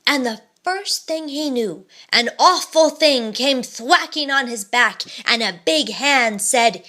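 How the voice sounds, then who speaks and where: Woman storyteller: slow, bright, dramatic read-aloud. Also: high voice. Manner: expressive, dramatic.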